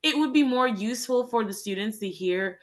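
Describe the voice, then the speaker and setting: A woman's voice: fairly high pitch, animated, brisk. A woman from Jamaica, an English teacher in Japan, chatting as an interview guest and acting out the exchanges she describes. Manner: storytelling, acts out quoted exchanges. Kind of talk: casual interview chat.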